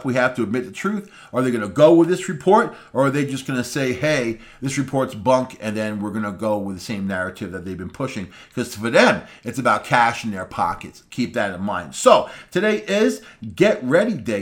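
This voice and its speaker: A man hosting a daily talk radio update, giving loose, folksy, opinionated commentary and often tossing in "man.". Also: medium pitch.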